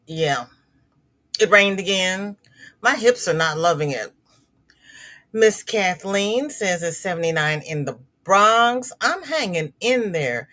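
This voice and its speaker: A woman's voice: on the low side, animated, takes it slowly, a bit bright. A middle-aged woman hosting a crochet livestream, chatting casually with viewers and reading their comments, sympathetic and prone to repeating words.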